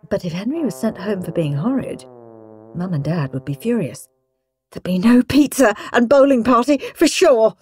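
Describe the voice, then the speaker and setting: A woman narrating a children's audiobook in a lively, expressive way. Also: a little high. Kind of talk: storybook narration.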